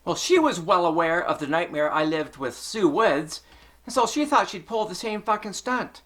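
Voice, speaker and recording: A man's voice: high voice, animated, normal speed, fairly bright tone. A middle-aged man from Canada, telling a personal story to his vlog in a heated, profane rant full of swearing. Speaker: vlogger.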